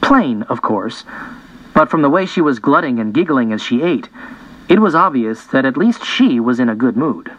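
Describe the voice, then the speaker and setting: A man narrates a story in the first person, his pitch rising and falling with lively expression. The recording is dry and close, with a dull, slightly lo-fi tone. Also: moderate pace, no echo. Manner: lively, expressive reading with voiced dialogue. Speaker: audiobook narrator.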